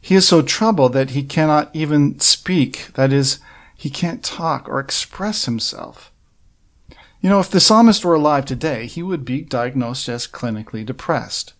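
Male preacher, mid-range voice, earnest verse-by-verse sermon delivery with rhetorical questions. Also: mid-range voice. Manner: earnest, measured Bible exposition with rhetorical questions.

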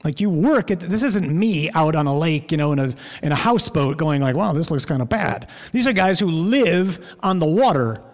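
A man preaching a sermon with a fairly high voice, telling the story vividly. He draws out key words slowly for emphasis. His voice rings with the long reverb of a church hall. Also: animated.

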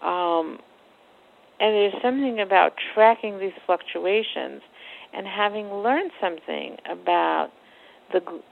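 A woman psychotherapist on a phone interview, talking in a measured, searching way with many fillers. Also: medium pitch, gravelly. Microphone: telephone. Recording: tinny phone line.

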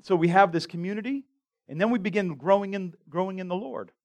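A man's voice: sits high, quick pace. A man pastor preaching a conversational sermon to his congregation, often restarting his sentences and joking with the crowd. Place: church sanctuary.

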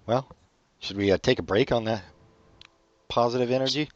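A man's voice: medium pitch, moderate pace, no room sound, highs cut off. A man hosting a podcast in casual chat, with dry, sarcastic humor. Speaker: podcast host.

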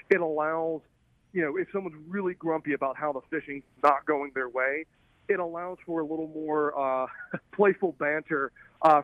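A Southern-accented man talks loosely over a thin, tinny phone line, his voice a touch high and very dry. He rambles, restarts his sentences and chuckles as he goes. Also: no echo. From Alabama. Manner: relaxed, rambling, many restarts and laughs. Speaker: guest filmmaker. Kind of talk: casual interview chat.

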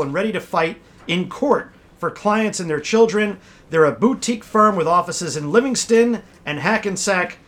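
A man's voice: on the high side, fairly bright tone. Joking male podcast co-host. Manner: jokey, quick banter. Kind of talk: casual podcast chat with sponsor read.

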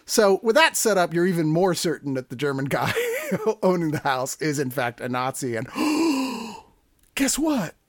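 A man hosting a casual movie review podcast, rambling and animated, swearing freely. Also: fairly high pitch, unhurried, no echo, clean studio sound. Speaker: podcast host.

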